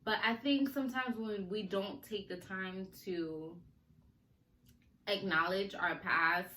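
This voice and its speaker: A woman hosting a casual podcast, chatty and animated, laughing often and talking to listeners in slang, her speech a little slurred from a sore mouth. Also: medium pitch, takes it slowly. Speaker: podcast host. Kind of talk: casual chat. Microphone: recorded on video for a podcast. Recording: roomy echo, faint ambience.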